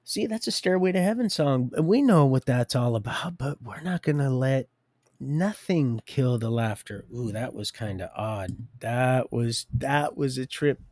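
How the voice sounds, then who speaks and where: Male streamer with a gravelly voice, dry close mic, rambling and laughing, sometimes dropping to a near whisper. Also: mid-range voice, animated, unhurried, no echo. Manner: rambling, laughing often, shifting loud and hushed. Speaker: livestream host. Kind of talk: rambling faith talk on a livestream.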